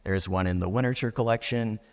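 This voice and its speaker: A low, gravelly male voice speaks haltingly on a panel, a collector stumbling over restarts and fillers. The long reverb of a large hall surrounds it. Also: darkish tone. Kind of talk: panel discussion.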